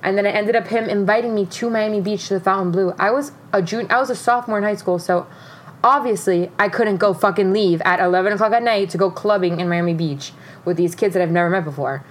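A young woman co-hosting a casual podcast, telling a story in an animated way, with frequent swearing and laughter. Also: mid-range voice, quick pace. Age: young adult. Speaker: podcast co-host.

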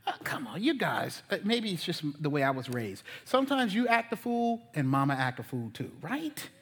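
A man preaching a sermon as pastor, folksy and animated, joking with the congregation and now and then dropping to a near whisper for emphasis. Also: on the high side, moderate pace.

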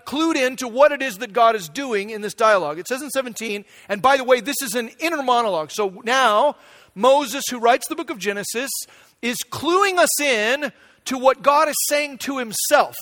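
High-voiced man preaching conversationally. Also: sharp tone. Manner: conversational, asks the room "right?". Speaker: pastor. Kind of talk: sermon with personal story.

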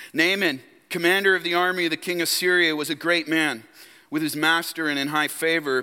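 Man, pastor, emphatic sermon, bright ringing voice, echoing church hall. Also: on the high side, smooth. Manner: emphatic preaching, calls on congregation to respond. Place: church sanctuary. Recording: long hall reverb.

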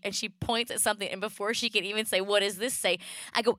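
Bright-voiced woman telling a story. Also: mid-range voice, quick pace, clean tone, dry recording, studio quality. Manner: animated storytelling, acts out voices, laughs often. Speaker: podcast co-host; mother. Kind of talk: casual chat.

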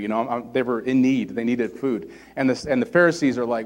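A man's voice: medium pitch, fast talker, few pauses. A man preaching a casual sermon in a church, conversational, often checking in with "all right?". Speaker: pastor.

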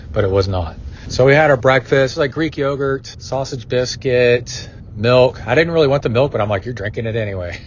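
A man's voice: medium pitch, dull audio, slight background noise. A middle-aged man hosting a podcast in a casual, rambling chat that wanders off on tangents. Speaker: podcast host.

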